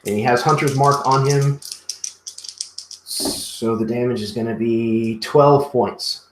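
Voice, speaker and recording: A man playing in a tabletop role-playing game, describing his character's actions in a measured way. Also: mid-range voice, fairly even intonation, reverberant, background noise. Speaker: player.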